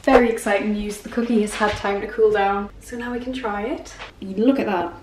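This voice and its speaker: A woman's voice: medium pitch, steady tone, a little fast, echoey room, background noise. A young woman walking through recipes in her home kitchen, chatty and self-mocking. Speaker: cooking vlogger. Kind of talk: casual recipe walkthrough.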